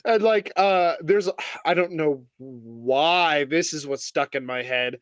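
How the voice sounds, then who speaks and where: A man's voice: on the high side, slow, dry recording. A man co-hosting a podcast, chatting casually with amused, rambling asides. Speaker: podcast co-host.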